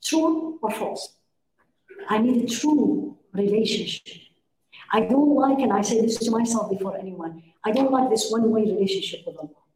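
A woman's voice: fairly high pitch, normal speed, dark tone, a little hiss or hum. A middle-aged woman giving a lecture to a women's class, questioning her listeners and acting out little dialogues. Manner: engaging, questions the audience, acts out dialogues. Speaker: religious teacher. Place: room with a live audience. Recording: echoey room.

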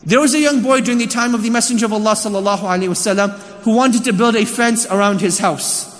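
A man with a very high voice tells a sermon story in an animated, conversational way. His words carry a long hall reverb. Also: fast, a little hiss or hum. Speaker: preacher.

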